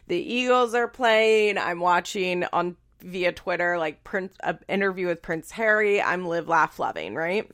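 A young woman podcast host telling a personal story in a chatty, animated way, full of "like". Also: fairly low pitch, a little slow. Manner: chatty, fillers of "like", animated retelling. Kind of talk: casual storytelling monologue.

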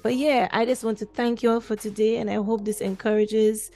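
A woman co-hosting a podcast, reflecting calmly and closing the episode. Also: on the high side, a little fast, faint music behind. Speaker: podcast co-host. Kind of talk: casual chat.

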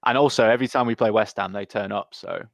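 A man's voice: lowish voice, fast talker, gravelly, dry recording. A young man hosting a casual football podcast, blunt and sweary, calling people mate. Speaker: podcast host.

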